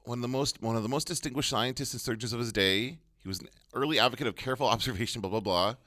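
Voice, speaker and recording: A man co-hosting a casual podcast chat, chatty and animated, laughing as he talks. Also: medium pitch, rapid-fire, no room sound, studio quality. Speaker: podcast co-host.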